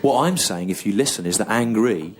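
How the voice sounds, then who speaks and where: A low-voiced English man in his thirties doing stand-up. He drags out his story in a slow, halting deadpan, circling back over the same lines. The recording carries heavy background noise. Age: 30s. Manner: slow, halting deadpan delivery with long pauses and repetition. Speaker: stand-up comedian. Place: comedy venue on stage with audience laughter.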